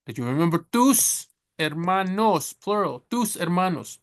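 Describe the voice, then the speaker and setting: Man, Spanish teacher, casual lesson, self-correcting, slows to sound out words. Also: high-pitched, big pitch swings. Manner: chatty, self-correcting, laughs at his slips. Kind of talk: casual screen-share lesson.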